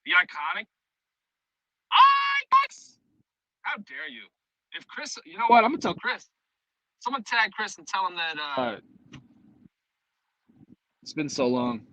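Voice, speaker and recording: A man with a New York accent, chatting casually on a live stream and swearing freely. His voice is bright and a little high, and it swings widely as he bounces from one topic to the next. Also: expressive, normal speed, long pauses, no echo, poor audio. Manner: rambling and profane, jumping between topics. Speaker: streamer host.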